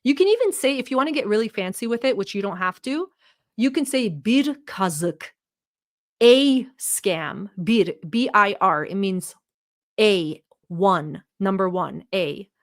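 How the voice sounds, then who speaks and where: A woman's voice: medium pitch, expressive, a little slow, no echo, clean studio sound. A young woman from the Middle East, English not her first language, giving a casual livestream language lesson in a bubbly, teasing way. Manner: bubbly, teasing, thanks chat often. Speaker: streamer teaching language.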